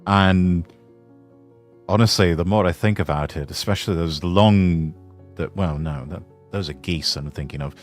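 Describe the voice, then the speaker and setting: A man's voice: sits low, normal speed. A male streamer chatting casually and thinking aloud in a hesitant, musing way, talking to his chat. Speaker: streamer reacting to a video. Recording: faint background music.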